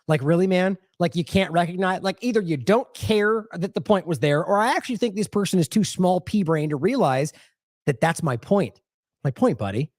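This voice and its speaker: A man hosting an independent news commentary show, talking in a sarcastic, mocking and animated way. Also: sits high, dry recording, clean studio sound. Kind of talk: opinionated commentary.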